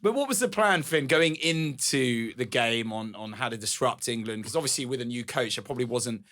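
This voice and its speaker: A man's voice: mid-range voice, expressive, brisk, fairly bright tone. A man co-hosting a sports podcast, putting plain questions to the guest. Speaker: podcast co-host. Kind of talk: interview questions.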